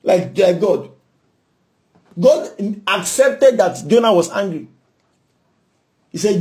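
A Nigerian-accented man preaches in a high, mellow voice. He is emphatic, hammers his points with repetition and drops in frequent hallelujahs. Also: lively intonation, takes it slowly, pauses often. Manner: emphatic, repeats himself, punctuates with hallelujah. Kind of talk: sermon.

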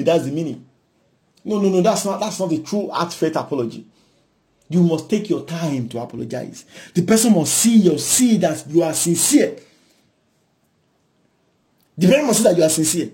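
Man, Nigerian accent, preacher, high pitch, warm mellow tone, emphatic, repetitive. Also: animated, normal speed. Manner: emphatic, repeats himself, punctuates with hallelujah. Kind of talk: sermon.

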